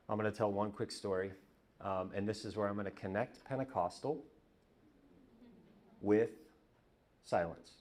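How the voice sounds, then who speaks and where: A man preaching a conversational sermon as pastor, telling stories and dropping to a hush on repeated words. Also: fairly low pitch, steady tone, normal speed, long pauses. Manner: conversational, storytelling, drops to hushed repetitions. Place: church.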